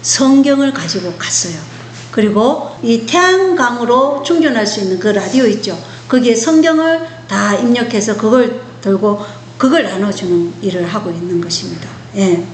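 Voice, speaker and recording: Rapid-fire woman preaching in an echoey room. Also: fairly high pitch, animated, a little hiss or hum. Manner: rapid, emphatic, rhetorical questions. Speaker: channel host. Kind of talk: sermon-style commentary.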